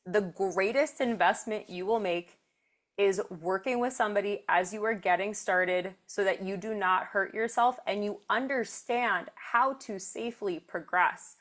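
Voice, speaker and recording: A woman's voice: medium pitch, unhurried, fairly bright tone. Encouraging woman podcast host. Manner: earnest, encouraging advice. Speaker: podcast host and strength coach. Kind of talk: casual interview chat.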